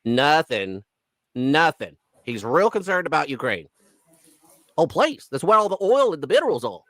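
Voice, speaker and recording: Sarcastic guy riffing on news clips, really animated, dry close mic. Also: fairly high pitch, moderate pace, no room sound. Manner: sarcastic, mocking, laughs often, puts on exaggerated voices. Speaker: commentary video host. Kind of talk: casual commentary on news clips.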